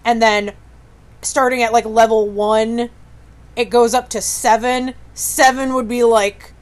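A young woman co-hosting a casual podcast with a fairly high voice. She rambles, restarts her sentences and swears offhandedly. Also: steady tone, measured pace. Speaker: podcast co-host.

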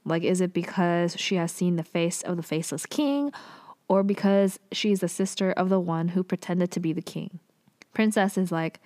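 A young woman casually recapping a TV drama, chatty and full of fillers and quick asides. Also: fairly low pitch, dark tone, no room sound, clean studio sound.

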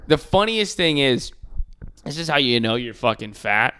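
A man's voice: medium pitch, big pitch swings, normal speed, bright, forceful tone, clear, resonant tone. A young man co-hosting a casual comedy podcast, crude and joking, swearing and laughing often. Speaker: podcast co-host.

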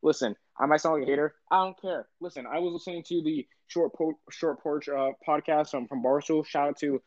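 A man's voice: fairly high pitch, fairly quick, no echo, lo-fi sound. A man on a casual sports podcast, just woken up, ranting emphatically and repeating "listen". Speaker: podcast co-host.

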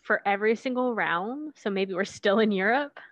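A woman's voice: mid-range voice, lively intonation, moderate pace, fairly bright tone, dry recording. Hesitant woman on dull dry audio. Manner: hesitant, tentative suggestions. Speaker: co-player. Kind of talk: casual gameplay chat.

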